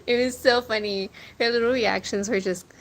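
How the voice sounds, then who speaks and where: Young female food vlogger, casual storyteller, gravelly tone, faint outdoor noise behind. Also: a little high, expressive, moderate pace. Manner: chatty storyteller, swears casually, laughs often. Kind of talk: casual chat to a live audience. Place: outdoors near a corner store. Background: wind and birds.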